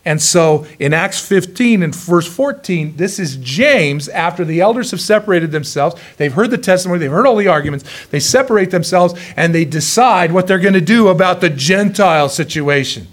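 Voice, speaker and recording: A male pastor preaching a sermon in a folksy, joking way, telling stories lively and chuckling often. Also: high-pitched, moderate pace, few pauses. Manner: lively storytelling.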